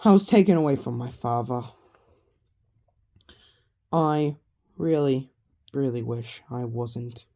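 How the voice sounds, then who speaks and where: A woman's voice: extremely low pitch, takes it slowly, long pauses, dark tone, pitched below the performer's own voice, exaggerated voice. A woman voicing a subdued, sorrowful puppet ghost girl.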